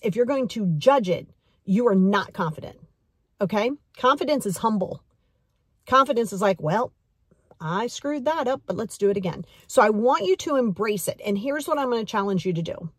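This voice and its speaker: A woman's voice: fairly high pitch, no echo, studio quality. A woman in her forties giving a motivational talk as a life coach, earnest and direct, repeating key phrases for emphasis.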